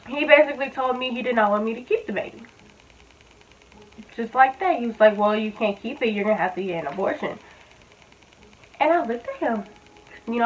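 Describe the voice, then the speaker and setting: Blunt young woman with tinny audio. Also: medium pitch. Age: 20s. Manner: candid, filler-heavy and blunt, with casual swearing. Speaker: vlogger. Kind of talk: casual storytime.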